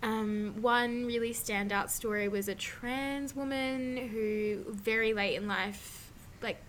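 A woman's voice: fairly high pitch, fairly even intonation, slow pace, fairly bright tone, slight background noise. Chatty woman recommending a book. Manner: chatty, many "like" and "um" fillers. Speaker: guest describing a book. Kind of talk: casual podcast chat.

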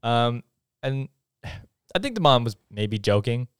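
A man's voice: medium pitch, very animated, clear, resonant tone, dry recording, clean studio sound. Chatty man recapping a movie. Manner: chatty, laughing, acts out characters' lines in quick impressions. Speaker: podcast co-host. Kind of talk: casual movie recap chat.

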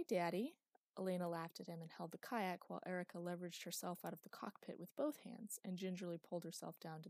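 A woman narrating a novel in a steady, even storytelling way. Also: lowish voice, dry recording. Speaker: audiobook narrator. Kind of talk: scripted narration.

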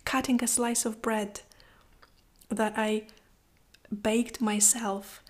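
Slow, soft-spoken heartfelt woman. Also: fairly high pitch, little pitch movement. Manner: slow, heartfelt, often drops to a soft whisper. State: moved to tears. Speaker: vlogger. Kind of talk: personal reflective monologue.

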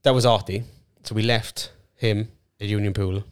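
A man's voice: lowish voice, steady tone, normal speed, clear, resonant tone, dry recording, clean studio sound. A young Irish man, a podcast co-host, telling rambling, sweary stories in casual chat.

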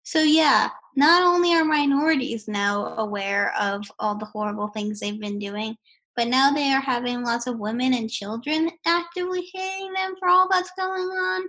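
A woman's voice: high voice, fairly even intonation, normal speed, pushed and bright, poor audio. A young woman on a college podcast panel, speaking directly in casual discussion.

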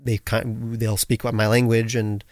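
A young man co-hosting a podcast, telling stories in a rambling, animated way with lots of restarts. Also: lowish voice, a little slow, no echo, studio quality. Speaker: podcast co-host. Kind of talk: casual chat.

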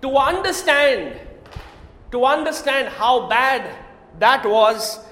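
A man's voice: extremely high pitch, lively intonation, slow, bright, forceful tone. A man preaching a sermon, asking the congregation questions and often raising his voice for emphasis. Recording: echoey hall.

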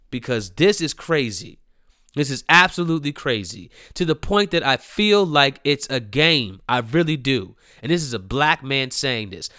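Man, fed-up commentator, blunt repetitive rant, slightly high and tense. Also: a bit bright, clear, resonant tone, dry recording, studio quality. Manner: angry, blunt, repetitive, profane. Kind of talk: profane ranting commentary.

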